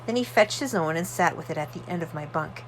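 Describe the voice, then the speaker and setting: Woman audiobook reader, lowish voice, calm and measured. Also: a little hiss or hum. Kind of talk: audiobook reading.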